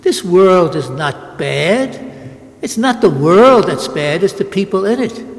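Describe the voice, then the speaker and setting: A man's voice: sits high, very animated, slow pace, long reverb tail. An older man, a Catholic priest, giving an emphatic sermon with repeated phrases and frequent restarts.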